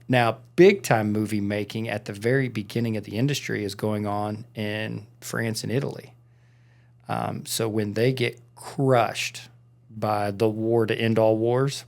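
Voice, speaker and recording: In a studio, a podcast co-host tells a rambling story in casual chat, loaded with fillers. His voice is fairly low, creaky, and a little mellow.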